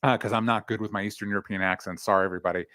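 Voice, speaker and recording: A man's voice: on the low side, steady tone, rapid-fire, sharp tone, no room sound, studio quality. A man co-hosting a podcast in casual chat, easygoing and agreeable, reading out chat questions. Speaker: podcast co-host.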